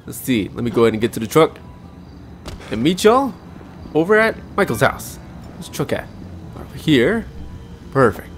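A man casually narrating his own gameplay in an upbeat, self-narrating way. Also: on the high side. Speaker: gaming channel host. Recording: voice over game music.

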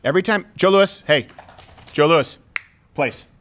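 A man's voice: on the high side, a little slow. A man hosting a casual studio chat show and talking to his dog. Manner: animated, talks to his dog. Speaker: show host.

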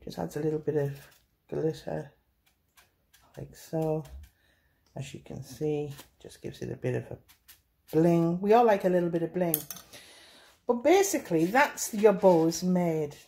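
A woman's voice: low voice, a little slow, gravelly, long pauses, dark tone. A woman hosting a casual baking tutorial, chatty and self-deprecating, often dropping to a murmur as she works. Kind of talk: casual hands-on demonstration.

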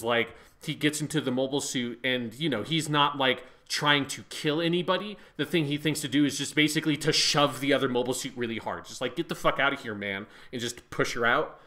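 A man co-hosting a podcast in casual chat, talking excitedly, swearing often and filling his speech with "like". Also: mid-range voice, a little fast, hardly any pauses. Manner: excited, swears a lot, fills with "like". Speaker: podcast co-host.

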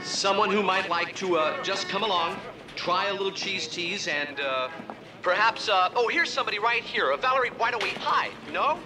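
Pushy product promoter, salesy patter, high voice, lively pitch. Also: male voice, normal speed, music in the background. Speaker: cheese spread promoter filming a commercial.

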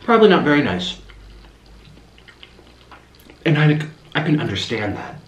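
A young man rambling through a casual eating-show chat, his voice sitting a little high and swinging up and down a lot. He talks between bites in a room that gives back a noticeable echo. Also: sing-song, a little slow. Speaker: mukbang host. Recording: roomy echo.

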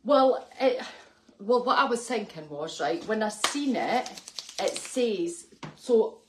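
A woman's voice: mid-range voice, animated, slow pace, echoey room, a little hiss or hum. A young adult woman in casual, teasing banter, reviewing a shopping haul with her wife at home. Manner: teasing, giggly.

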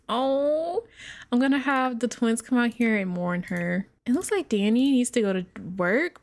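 A young adult woman giving casual let's-play commentary, chatting straight to her viewers and laughing often. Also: a little high.

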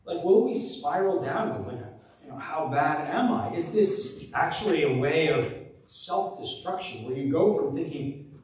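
A man's voice: fairly high pitch, expressive, unhurried, darkish tone, recorded from a distance, a little hiss or hum. A man preaching a conversational sermon as pastor, often restarting and repeating words. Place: church sanctuary. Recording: very echoey church live stream from afar.

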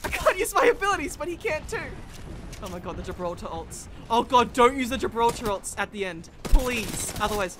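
High-voiced woman yelling thru a shooter game, all over the place pitch-wise, laughing a lot, gunfire going off behind. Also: a little fast, background noise. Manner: excitable, frantic, laughing often. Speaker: gaming video creator. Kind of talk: live gameplay commentary. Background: game gunfire and effects.

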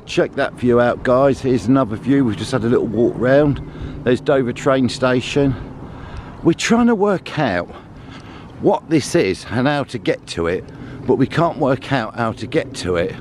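A man's voice: mid-range voice, expressive, unhurried, a little mellow. Man, chatty vlog narration, outdoors, handheld camera, faint noise. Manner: chatty, swears mildly, jokes about being out of breath. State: out of breath while climbing. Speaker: family vlogger. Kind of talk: casual vlog narration while walking. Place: outdoors in a town and on clifftops.

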